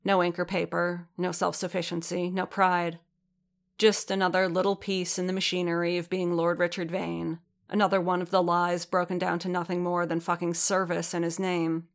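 A woman narrating an audiobook in a measured, steady reading voice. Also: fairly low pitch.

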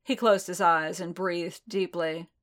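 A woman narrating a fan fiction audiobook in a measured storytelling manner. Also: lowish voice, steady tone, fairly bright tone.

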